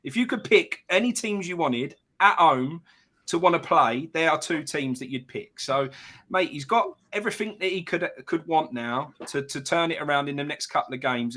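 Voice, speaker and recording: A man's voice: on the high side, a bit bright. A man giving a post-match fan reaction, talking emphatically and throwing in rhetorical questions. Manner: emphatic, keeps saying mate and asks rhetorical questions. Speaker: football fan pundit.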